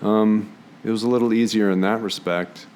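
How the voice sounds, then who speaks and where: A man from the Philadelphia area, a podcast guest telling stories in casual conversation and jumping into high voices when quoting himself. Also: fairly even intonation, normal speed. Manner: warm storyteller, jumps into high quoted voices.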